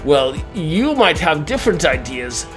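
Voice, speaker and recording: Comedy vlogger, male, grandiose and theatrical, slow deliberate delivery, faint music behind. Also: a little high, very animated, fairly bright tone. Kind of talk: absurd comedic character monologue.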